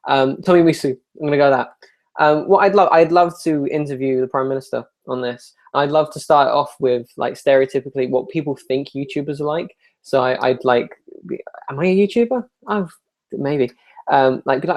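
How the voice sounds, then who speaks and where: In a mid-range, slightly mellow voice with fairly even intonation, a young man talks briskly. The YouTuber rambles casually and self-deprecatingly while answering viewers' questions in a live Q&A.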